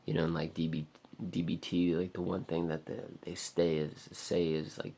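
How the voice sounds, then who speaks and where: A man's voice: deep voice, little pitch movement, moderate pace, warm tone. A young man in a raw personal vlog, rambling and swearing in frustration. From America. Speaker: vlogger.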